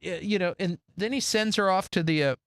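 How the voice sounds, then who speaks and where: Clean studio sound with no room tone carries a man's high voice as he briskly recaps a movie as co-host of a casual podcast. He acts out the characters' lines animatedly, switching voices for each.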